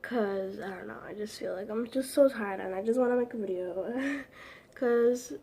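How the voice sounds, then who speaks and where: A woman's voice: mid-range voice, moderate pace, creaky, warm tone. A teenage girl chatting casually to camera at home, rambling with lots of "like" fillers and giggles. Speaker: vlogger.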